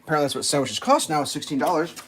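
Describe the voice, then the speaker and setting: Man streamer, slightly high voice, loose anecdotal chat, faint noise behind. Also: expressive, racing. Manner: rambling, anecdotal, many fillers. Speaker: livestreamer. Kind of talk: casual storytelling chat.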